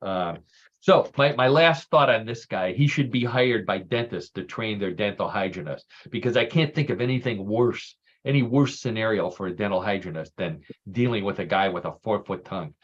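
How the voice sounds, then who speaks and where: A man's voice: on the low side, moderate pace, dull audio. A man hosting a casual radio talk show, telling stories with groan-worthy puns.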